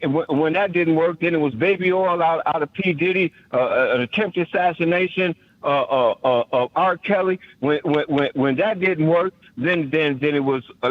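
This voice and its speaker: High, fervent, stammering man caller. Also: phone-quality sound. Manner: fervent and preacherly, with stammered repeats. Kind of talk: impassioned call-in monologue.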